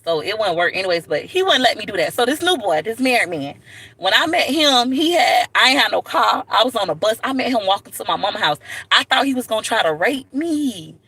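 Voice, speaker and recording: A woman telling stories to camera in a blunt, animated way, often calling viewers "baby". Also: on the high side, a little fast, husky. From Florida, USA. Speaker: vlogger. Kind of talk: casual storytelling to camera.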